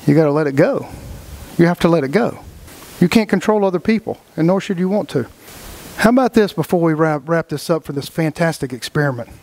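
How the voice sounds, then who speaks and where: A blunt, folksy man leads his group through a casual motivational talk, acting out little scenes in other people's voices. His voice sits high for a man, and the recording is dry and close with almost no room sound. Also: a little mellow, no echo. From Texas. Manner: blunt and folksy, acts out quoted voices, swears freely.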